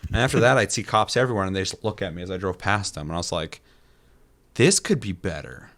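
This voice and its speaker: Guy cohosting a gaming podcast, lowish voice, laughs and swears a lot. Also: very fast. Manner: animated storytelling, heavy swearing, laughs often. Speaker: podcast co-host. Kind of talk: casual gaming chat.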